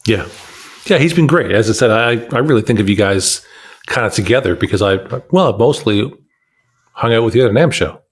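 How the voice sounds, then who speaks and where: A man's voice: on the low side, expressive, a little fast, breathy edge. A man hosting a podcast, asking loose, meandering questions in casual interview chat. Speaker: podcast host.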